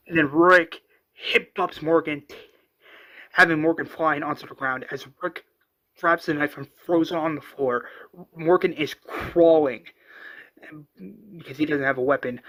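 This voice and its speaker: Male narrator, casual retelling, slow, higher voice, rambling, self-correcting. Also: steady tone, a bit bright.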